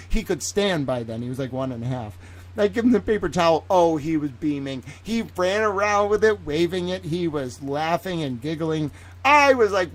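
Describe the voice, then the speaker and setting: A man rambles through a story on his stream, swearing freely. His voice is fairly high for a man and swings widely in pitch as he gets animated. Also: normal speed. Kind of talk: casual livestream rant.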